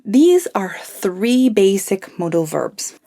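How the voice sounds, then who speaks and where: A woman teaching a language lesson, explaining grammar calmly and modelling example phrases clearly. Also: medium pitch, takes it slowly. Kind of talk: scripted lesson narration.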